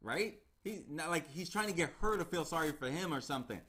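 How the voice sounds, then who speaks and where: A man's voice: on the high side, animated, brisk, sharp tone. A man hosting a true crime channel, telling the story in a casual, conversational way and repeating key phrases for emphasis.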